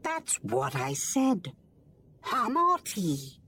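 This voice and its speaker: A squeaky, high little alien girl, earnest and curious, pitched far above an adult voice, as a male narrator puts her on. She speaks slowly and sincerely in a storybook. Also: big pitch swings, a little mellow, exaggerated voice.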